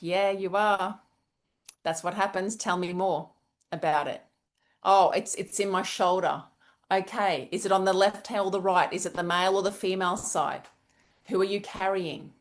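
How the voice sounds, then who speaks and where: A woman with an Australian accent hosting a wellness workshop, talking in a chatty, encouraging way and laughing easily. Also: on the low side. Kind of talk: casual teaching talk.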